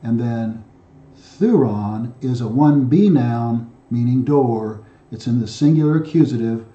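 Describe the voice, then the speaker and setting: A man's voice: medium pitch, animated, measured pace, dark tone, reverberant, lo-fi sound. A man teaching Greek grammar step by step, methodical and repetitive, often restarting his sentences with fillers. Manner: methodical, repeats himself with frequent fillers and restarts. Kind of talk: explaining grammar exercises.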